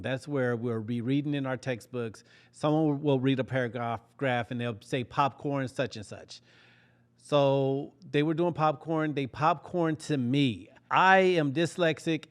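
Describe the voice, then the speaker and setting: A man hosting a podcast, telling a comedic story with lively acted-out quotes and frequent laughs. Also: mid-range voice. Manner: animated, laughs often, acts out quotes. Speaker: podcast host.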